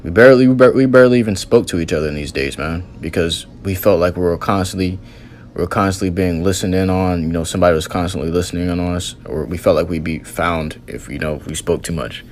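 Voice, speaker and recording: A man's voice: low-pitched, quick pace, slight background noise. A man earnestly recounting a religious vision as a testimony, in loose storytelling with many fillers.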